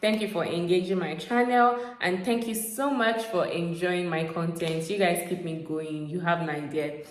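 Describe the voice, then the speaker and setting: A woman's voice: fairly low pitch, moderate pace, reverberant, rough recording. A young woman from Nigeria telling a story in a casual, chatty vlog, often saying "like" and "guys". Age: young adult. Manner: chatty, animated, repeats fillers like "like" and "guys". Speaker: vlogger.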